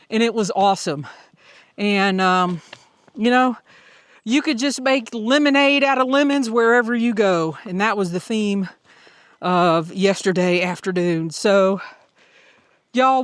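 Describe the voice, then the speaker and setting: A woman's voice: medium pitch, dry recording, clean studio sound. Chatty Southern woman on the trail. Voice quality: upbeat, chatty storyteller. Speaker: hiker vlogger. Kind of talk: casual audio vlog.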